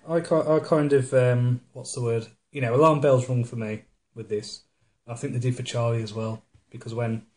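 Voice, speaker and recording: Man, podcast co-host, casual chat, mocking retellings, mid-pitched voice. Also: a little mellow. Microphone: studio microphone.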